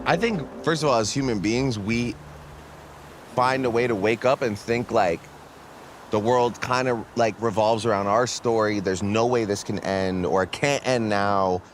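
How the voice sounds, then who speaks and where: A man's voice: on the low side, measured pace, a little hiss or hum. Laid-back man with a Toronto accent. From Toronto, Canada. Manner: laid-back, loose slangy talk with many fillers. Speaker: interview guest. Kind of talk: casual conversation.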